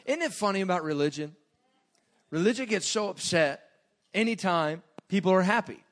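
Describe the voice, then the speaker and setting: A man preaching a sermon in a loose, joking way that swings between quiet asides and loud bursts. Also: high voice, expressive, moderate pace.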